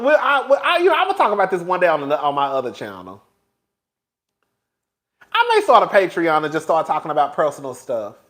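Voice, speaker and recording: A man with a high-pitched voice talks to his viewers in a loose, flamboyant, chatty way, tossing in girl and child. He records himself on a phone for his vlog. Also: fairly bright tone. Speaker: vlogger. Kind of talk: casual chat to viewers.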